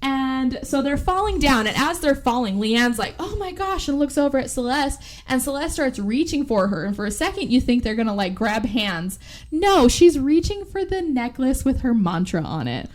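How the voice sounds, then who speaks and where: A woman podcast host giving a casual movie recap, talking fast and chatty with lots of "like" and "right?". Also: sits high, big pitch swings.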